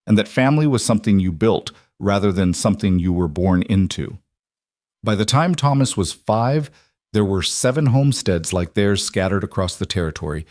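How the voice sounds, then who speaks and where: A man reading a scripted story in an even, measured way. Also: on the low side, dry recording, clean studio sound. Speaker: narrator. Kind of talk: scripted narration.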